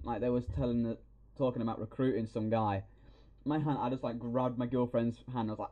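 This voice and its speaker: A man hosting a podcast, excitedly retelling a film scene by scene with plenty of swearing. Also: mid-range voice, fairly quick, lo-fi sound. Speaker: podcast host. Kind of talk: casual film review chat.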